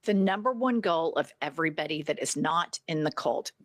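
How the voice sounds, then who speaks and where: A woman political commentator delivering a fast, mocking rant full of insults. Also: deep voice, animated, dry recording.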